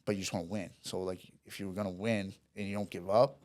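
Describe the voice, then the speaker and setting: Rambling, profane man with a low voice. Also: steady tone, fast talker, darkish tone, a little hiss or hum. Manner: rambling, profane, with restarts and quoted dialogue. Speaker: podcast guest. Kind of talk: casual storytelling.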